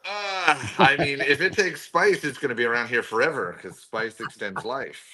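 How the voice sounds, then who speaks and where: A man's voice: mid-range voice, moderate pace, pushed and bright. An older man in casual chat on a show, laid-back and joking, rambling with restarts. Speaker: show regular.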